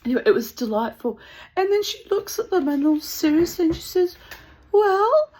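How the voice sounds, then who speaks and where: A woman's voice: high-pitched, animated, brisk, mellow. A woman telling a rambling, digressive anecdote in casual chat, breaking into laughter often. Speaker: channel host.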